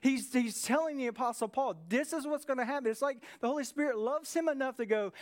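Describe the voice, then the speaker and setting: Male pastor, high-pitched, lively conversational sermon delivery. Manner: energetic, conversational preaching with dramatic pauses.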